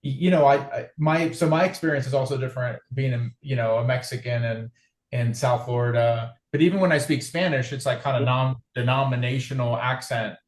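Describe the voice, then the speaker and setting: A man's voice: medium pitch, fairly even intonation, brisk, roomy sound. A man from California with a Californian accent, chatting casually as a podcast guest, laid back and rambling with repeated words. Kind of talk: casual chat.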